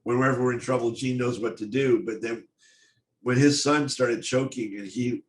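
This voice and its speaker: Halting man telling a story in an echoey room. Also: medium pitch, steady tone. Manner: halting, intense, many restarts. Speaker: speaker. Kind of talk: personal storytelling talk. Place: stage talk in a hall. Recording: echoey room, faint noise.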